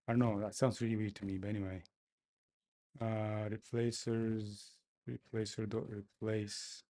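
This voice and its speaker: A man talking to himself as he codes, complaining loudly, then explaining each step casually. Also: lowish voice, flat delivery, a little slow. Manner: exasperated, talks to himself while coding. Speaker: developer livestreaming his coding. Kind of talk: casual coding commentary.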